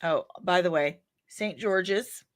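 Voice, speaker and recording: A woman hosts a casual pop culture news show and talks at an unhurried, slow pace. She is chatty and drifts into personal asides as she reads viewer comments aloud. The recording is dry and close, with no room sound. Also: fairly low pitch, dry recording. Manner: chatty, rambling asides with laughs.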